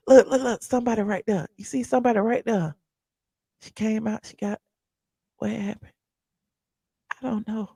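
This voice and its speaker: Woman, casual commentary host, gravelly voice, dry sound. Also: mid-range voice, normal speed, pauses often, mellow, dry recording. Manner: chatty, reacting to chat and video. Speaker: host of a pop culture commentary channel.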